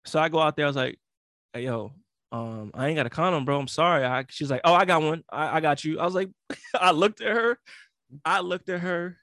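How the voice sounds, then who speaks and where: A young man in casual chat, telling a story in a slangy, animated way and acting out the other people in it. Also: fairly high pitch, brisk, no room sound, clean studio sound. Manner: slangy, animated storytelling with frequent laughs and acted-out quotes.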